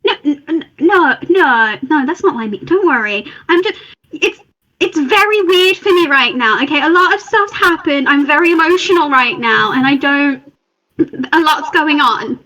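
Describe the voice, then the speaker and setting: A woman's voice: high-pitched, lively intonation, normal speed, bright, forceful tone, poor audio. A woman playing a tabletop game in character, flustered, emotional and swearing. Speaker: player.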